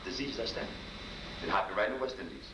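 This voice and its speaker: A man's voice: low voice, lively intonation, fast. A man giving a storytelling lecture as a healer, folksy and repetitive, acting out dialogue. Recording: echoey room, distant mic, noisy.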